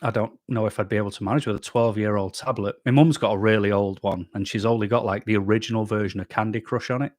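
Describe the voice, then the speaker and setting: This English YouTube channel host talks quickly in a darkish voice on the low side. On his casual live stream, he reads chat comments out and answers them bluntly and chattily. The audio is studio quality with no echo.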